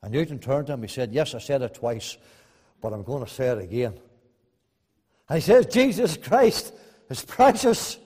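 A man preaching a sermon, swinging between loud emphatic bursts and soft, hushed asides. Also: mid-range voice, brisk, pauses often, husky. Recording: long reverb in a hall.

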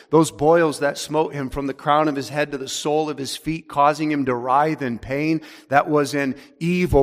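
A man preaching a sermon as pastor, emphatic, dropping low and slow on key words. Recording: long hall reverb.

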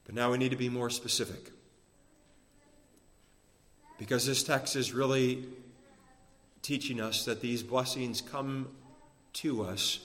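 A man preaching a sermon to his congregation, measured and emphatic, slowing down to stress key phrases. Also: mid-range voice, fairly bright tone. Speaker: pastor. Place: church sanctuary. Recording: long reverb of a church hall.

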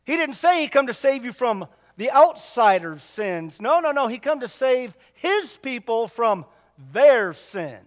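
Male pastor, unusually high pitch, folksy repetitive preaching, reverberant hall. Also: sing-song, a little slow. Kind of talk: sermon. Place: church.

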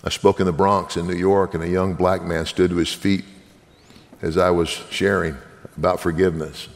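Man, minister, earnest testimony; deep, rough voice in a reverberant church. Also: level tone, normal speed. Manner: earnest, preaching, direct appeals to listeners. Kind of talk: sermon testimony.

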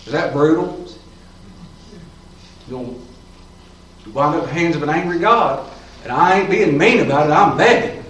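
A man with a slightly high, somewhat bright voice delivers a folksy, fervent sermon in plain everyday language inside a church sanctuary. He speaks expressively at a moderate pace, leaving long pauses. He sounds distant, with roomy echo and faint ambient sound.

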